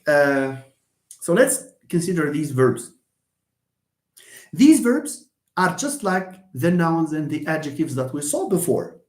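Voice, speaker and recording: A man teaches a live online lesson, stressing and repeating words for emphasis. His voice sits a little high and swings widely in pitch. The sound carries the echo of a room. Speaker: English teacher.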